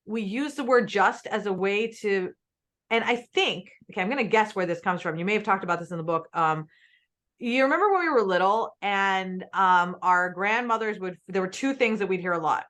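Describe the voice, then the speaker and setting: A woman's voice: medium pitch, lively intonation, normal speed, a bit bright. A woman podcast host talking casually in an interview, chatty and free with swear words.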